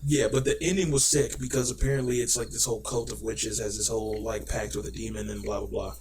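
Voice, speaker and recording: Rapid rambling young man. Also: on the low side, gravelly, slightly rough, low-quality recording. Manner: rapid, rambling, full of "like" fillers; animated, acts out scenarios in voices. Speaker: podcast co-host. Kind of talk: casual chat.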